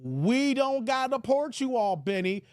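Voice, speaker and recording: Guy ranting over emails, mocking, swings his pitch all over, dry mic right up close. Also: big pitch swings, moderate pace, darkish tone, clean tone, no echo. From United States. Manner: combative, mocking, repeats filler "here". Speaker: channel host. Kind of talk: reading emails and ranting on camera.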